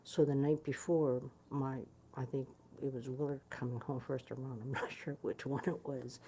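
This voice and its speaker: This woman's very deep, warm voice stays flat at a moderate pace over slight background noise. A guitarist from Prince Edward Island, Canada, she candidly shares a family story and acts out the conversations within it.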